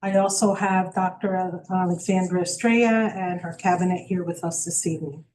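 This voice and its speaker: A woman chairing a school board meeting, reading out the date, the members present and the agenda in a steady official tone. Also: fairly low pitch, fairly quick, noisy background. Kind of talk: formal meeting procedure.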